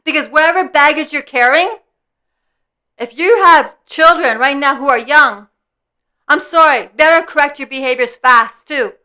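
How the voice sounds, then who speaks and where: High bright earnest woman in her fifties. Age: 50s. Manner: earnest, repetitive, checks in with "okay?" constantly. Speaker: vlogger. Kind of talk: casual spiritual vlog talk. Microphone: personal mic.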